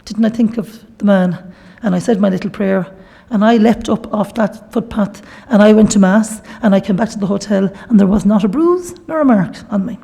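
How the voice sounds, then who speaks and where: A woman's voice: mid-range voice, normal speed, creaky, hardly any pauses, mellow, husky. A middle-aged woman with a Galway Irish accent, giving a chatty, earnest personal testimony as a workshop speaker, with devout asides. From Ireland.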